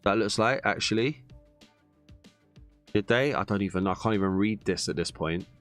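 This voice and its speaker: Bright-voiced gaming commentator. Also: male voice, fairly low pitch, normal speed, smooth, faint music behind. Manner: animated, bursts into shouts at goals; mutters and grumbles when frustrated. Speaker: gaming YouTuber. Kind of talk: gameplay commentary.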